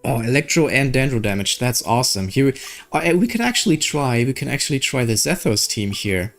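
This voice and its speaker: A young man from Germany with a German accent, giving casual gameplay commentary, excitable and swearing at the game. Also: mid-range voice, a little fast, faint music behind. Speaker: gaming streamer.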